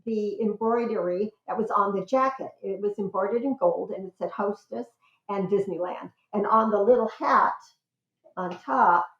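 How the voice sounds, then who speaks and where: In a conversational interview, an enthusiastic older woman, an expert in guest relations, talks about her research and squeals excitedly during her stories. She speaks at medium pitch and a moderate pace, with roomy, slightly dull audio.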